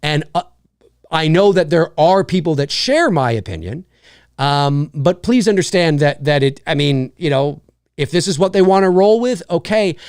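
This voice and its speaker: Man, host of a live show, animated casual opinion talk, high voice that jumps around, dry close sound. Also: no echo. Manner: animated, repeats phrases, frequent restarts.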